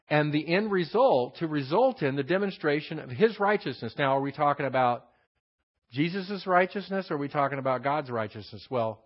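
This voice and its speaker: Man teaching scripture, dull lo-fi sound. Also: mid-range voice. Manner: explanatory, with frequent fillers and rhetorical questions. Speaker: Bible teacher. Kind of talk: verse-by-verse Bible study lesson.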